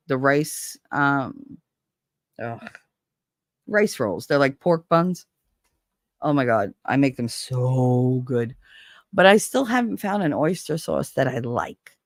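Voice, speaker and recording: A middle-aged woman chats casually with her viewers, rambling through stories with swearing and laughter. Her voice sits fairly low but swings widely in pitch. The sound is dry and close. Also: dry recording. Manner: chatty, animated storytelling with swearing and laughs. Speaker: livestream host.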